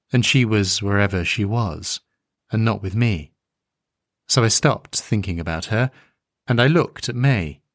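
A man narrating a first-person story in a slow, tender, reflective way. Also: medium pitch, no echo, clean studio sound.

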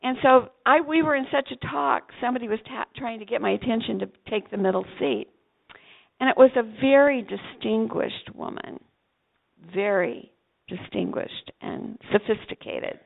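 An older woman from Vermont, a pastor's wife, telling a story and acting out the dialogue with lively delivery. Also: on the high side, normal speed, vocal fry, narrow, tinny audio. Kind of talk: storytelling testimony.

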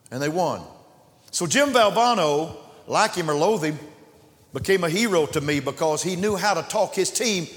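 A man preaching a sermon in a church, impassioned, swinging between shouts and hushed asides. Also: fairly high pitch. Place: church sanctuary. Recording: long church reverb.

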